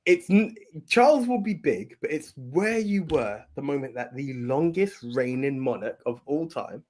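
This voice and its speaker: Lively, rambling male podcast host. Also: on the high side, a little slow. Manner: earnest, rambling, repeats himself. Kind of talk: casual podcast chat.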